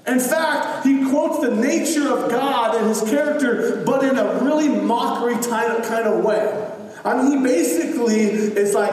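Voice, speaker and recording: A man in his thirties preaching a lively sermon as pastor, acting out voices with big swings in tone. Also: moderate pace. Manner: animated, acts out voices with big pitch swings. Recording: echoey hall, distant mic.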